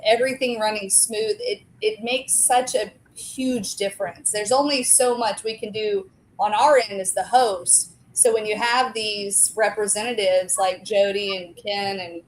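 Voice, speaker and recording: A woman's voice: medium pitch, steady tone, measured pace, hardly any pauses, slight background noise, poor audio. A woman in her forties, a restaurant co-owner and guest, chatting in a talkative, enthusiastic way. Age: 40s. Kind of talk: casual chat.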